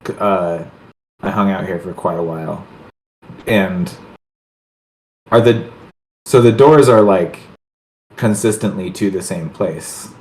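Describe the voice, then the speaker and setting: A man's voice: sits low, takes it slowly, pauses often, darkish tone, a little hiss or hum. A man playing in a tabletop game, hesitant and chuckling as he thinks aloud. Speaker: player. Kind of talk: casual tabletop play. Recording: echoey room.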